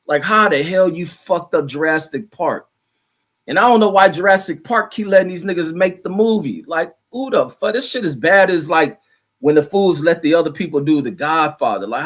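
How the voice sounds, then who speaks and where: A man's voice: fairly high pitch, fairly bright tone. A middle-aged man hosting a casual livestream, rambling loosely and profanely while he reads viewer comments aloud and reacts to them. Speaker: livestream host reading chat.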